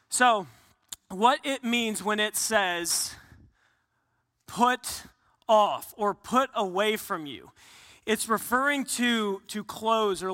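A man preaches a sermon in a high, piercingly bright voice. He talks earnestly, restarts his phrases and acts out quotes. His voice rings with long reverb from a large hall. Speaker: pastor.

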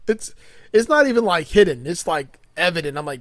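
A man with a high voice recaps a film scene by scene in a crude, casual way, laughing often and stacking up fillers as he goes. The sound is dry and close, with no room around it. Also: lively intonation, moderate pace, dry recording. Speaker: podcast host recapping a film.

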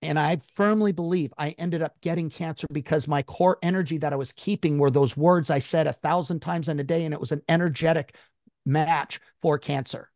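Intense, blunt man with a higher voice. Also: steady tone, a little fast, darkish tone, no echo, clean studio sound. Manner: emphatic, blunt, swears freely; high-strung, intense. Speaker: guest. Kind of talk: personal story in an interview.

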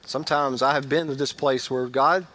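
A middle-aged male pastor giving a conversational sermon, rising to loud emphasis and dropping to quiet asides. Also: mid-range voice, little pitch movement, brisk.

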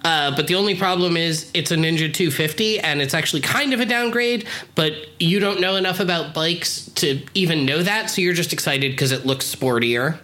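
A man's voice: on the high side, a little fast, few pauses. A man hosting a podcast, chatting casually and wryly with his co-host. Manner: relaxed, wry, asks co-host for ratings. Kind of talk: casual chat.

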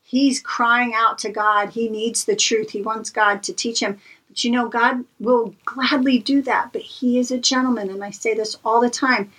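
A woman's voice: a little high, steady tone, normal speed, fairly bright tone, distant mic, poor audio. A woman co-hosts a devotional podcast and talks in an earnest, preacherly way, leaning on repeated phrases for emphasis. Her voice sits a little back from the mic. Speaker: podcast co-host. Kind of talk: encouraging devotional talk.

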